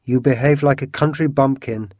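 A man's voice: mid-range voice, steady tone, moderate pace, a little mellow, dry recording, studio quality, natural voice. A man voicing a commanding, dignified male musketeer with a cold, clipped delivery.

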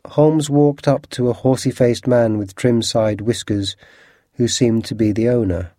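A man narrating an audiobook with a steady, clear scripted reading. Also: medium pitch, a little slow, no room sound, studio quality.

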